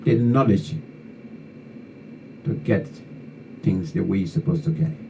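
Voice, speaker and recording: A Liberian man hosts an online talk show, offering fervent, repetitive political commentary that scolds his listeners. His voice is on the low side, unhurried and gravelly, picked up by a distant mic with faint background noise.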